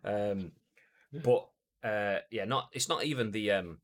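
A man's voice: lowish voice, moderate pace. A young English man hosting a gaming news stream in a casual, jokey chat. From England. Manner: animated, jokey, puts on silly voices. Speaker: gaming news show host.

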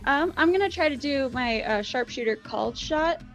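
A woman's voice: high voice, lively intonation, moderate pace, fairly bright tone. A woman playing a tabletop game, cheerful and giggly, fumbling a little with her sums. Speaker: player.

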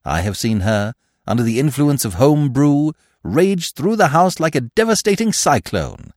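A man doing a suave, long-winded gentleman. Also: fairly high pitch, big pitch swings, normal speed, no room sound, studio quality, voice pushed up. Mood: mock-solemn. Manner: ornate, grave and mock-sincere. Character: suave, verbose young gentleman, mock-solemn.

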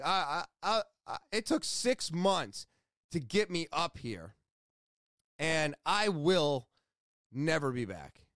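A man rambles through a personal story with a high-pitched voice, the sound dry and close to his headset mic. He gets excitable and loud, restarts his sentences, and curses now and then. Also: clean tone, no room sound. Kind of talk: casual storytelling vlog. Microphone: headphones with mic.

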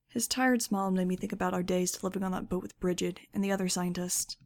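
A woman narrating a first-person audiobook in a wry, measured way. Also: lowish voice, steady tone, a little mellow.

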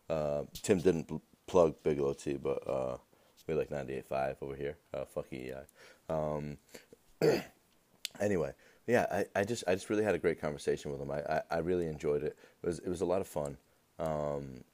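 A man's voice: a bass voice, mellow. A man hosting a casual podcast, rambling with many restarts and fillers. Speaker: podcast host.

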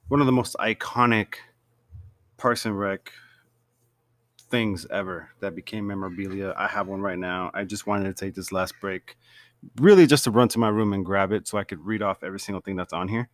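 A man recapping a TV show from home in a casual, animated way, laughing often and acting out lines. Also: fairly low pitch, moderate pace, no room sound. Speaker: TV show reviewer.

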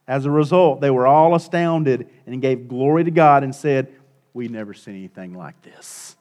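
A middle-aged male pastor preaching a sermon, swinging between hushed and loud and repeating his points for emphasis. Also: medium pitch, moderate pace.

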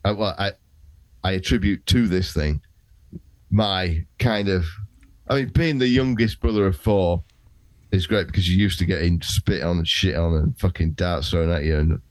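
A man who is a comedian, a guest on a casual podcast, talking in halting restarts with wry, offhand humor. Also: low-pitched, no room sound, poor audio.

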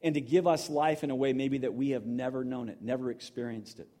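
A man's voice: medium pitch, steady tone, brisk, mellow. A middle-aged man preaching in a conversational, emotional storytelling manner, full of restarts. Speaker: pastor. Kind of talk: sermon.

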